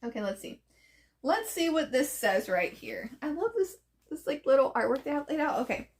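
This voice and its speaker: A woman streamer casually reading a comic aloud and reacting, soft-spoken and emotional. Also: sits high, big pitch swings, normal speed.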